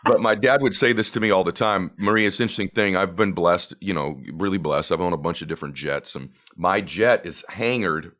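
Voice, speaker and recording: A middle-aged man telling a story as a guest, acting out the dialogue with big jumps in pitch. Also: fairly quick, hardly any pauses, fairly bright tone. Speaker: guest speaker. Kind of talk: animated storytelling.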